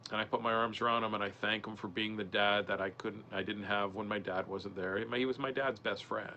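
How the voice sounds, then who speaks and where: A man in his forties tells a personal story on a podcast, his voice bright and forward. He talks in an earnest, halting way and often restarts his sentences. The recording sounds dull and lo-fi, with a faint hiss behind him. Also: fairly low pitch, steady tone. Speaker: podcast guest, comedian and mental health speaker.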